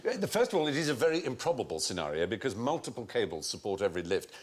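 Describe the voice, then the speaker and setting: A man's voice: fairly low pitch, sing-song, very fast, slightly rough. A man hosting a comedy panel quiz in a TV studio, explaining odd facts in a precise, learned way. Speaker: quiz show host.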